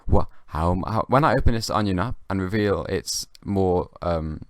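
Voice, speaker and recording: A young man hosting his own comedy podcast, rambling in a halting, dry way with many restarts. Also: low-pitched, no echo. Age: young adult. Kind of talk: rambling comic monologue.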